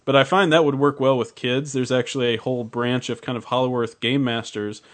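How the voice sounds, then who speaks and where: A man chats casually as a podcast co-host, his pitch sitting right in the middle for a man. He reads listener emails aloud and often stumbles and restarts his sentences. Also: steady tone, brisk. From United States.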